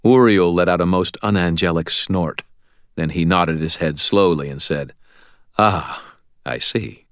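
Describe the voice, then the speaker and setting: A man narrating a novel in the first person, telling it in a steady, plain way. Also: low voice, normal speed, smooth, dry recording, studio quality. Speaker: audiobook narrator.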